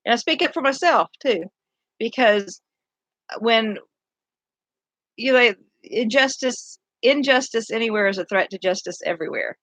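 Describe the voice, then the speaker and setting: A woman's voice: on the high side, animated, a little slow, long pauses, a bit bright, no echo. A middle-aged woman, a city council candidate talking casually and earnestly. She sounds tired and rambles, often restarting her sentences. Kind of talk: casual monologue. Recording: dull lo-fi, dry sound.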